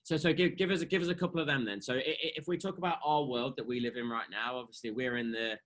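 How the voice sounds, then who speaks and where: A British man hosting an interview in an eager, chatty way, often restarting his sentences. His voice is bright and forceful at a medium pitch. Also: steady tone, fast talker. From Britain. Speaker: podcast host, sales coach. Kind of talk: casual conversational interview.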